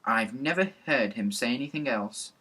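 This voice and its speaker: A man's voice: medium pitch, lively intonation, normal speed, bright, forceful tone, breathy edge. A man voicing a little girl who remarks matter-of-factly. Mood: wry.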